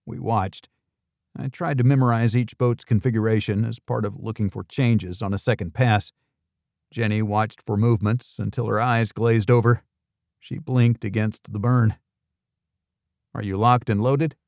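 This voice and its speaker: Steady male thriller audiobook narrator. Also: lowish voice, normal speed, vocal fry, dry recording, studio quality. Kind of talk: first-person thriller narration.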